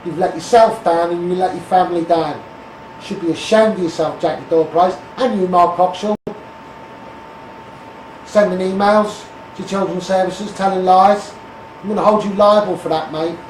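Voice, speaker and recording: A man's voice: high-pitched, steady tone, normal speed, reverberant, distant mic, a little hiss or hum, rough recording. A man with a Scouse accent from the Liverpool area, ranting bluntly on a phone live stream and calling everyone mate. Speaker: Facebook Live campaigner.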